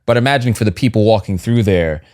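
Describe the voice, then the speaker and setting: A man's voice: fairly low pitch, fast, a little mellow, no echo, studio quality. A man co-hosting a podcast, reacting with enthusiasm in casual chat. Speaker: podcast co-host.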